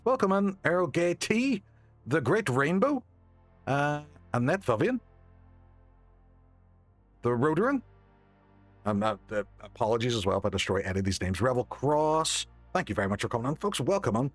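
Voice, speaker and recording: A young man from Northern Ireland livestreams a game, chatting casually, thanking viewers, and swearing now and then. His mid-range voice is sing-song at a moderate pace with long pauses, no room sound, and faint background music.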